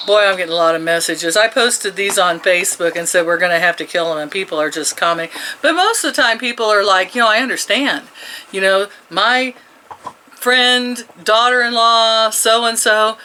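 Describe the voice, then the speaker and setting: Woman, 60s, vlogger; bright, forceful tone, rambling chatty delivery with frequent chuckles. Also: medium pitch, slight background noise, poor audio. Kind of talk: casual chat.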